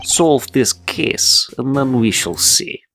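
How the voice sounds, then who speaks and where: A tiny elderly mob boss, put on by a man in a thick mock Russian-Italian accent. He talks slowly and with calm menace, his lines drawn out. The pitch swings widely, and faint game music plays behind. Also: vocal fry, heavily acted. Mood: menacing. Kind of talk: let's play voice acting.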